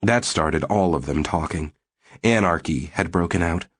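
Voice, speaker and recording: Male audiobook narrator, low and husky, steady storytelling delivery. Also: moderate pace. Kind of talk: scripted narration.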